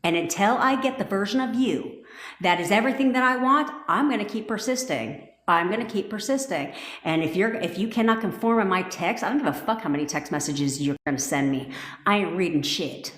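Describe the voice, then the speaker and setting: A woman's voice: mid-range voice, animated, a little fast, fairly bright tone. Woman coaching on a live, cursing a lot, super blunt, echoey room sound. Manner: blunt, profane and emphatic. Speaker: manifestation coach. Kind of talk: live-stream pep talk.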